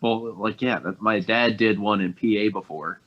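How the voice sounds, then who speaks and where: A man's voice: on the low side, moderate pace, slight background noise. A young man co-hosting a podcast, talking casually and hesitantly with many fillers. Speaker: podcast co-host. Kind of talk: casual chat. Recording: dull lo-fi sound.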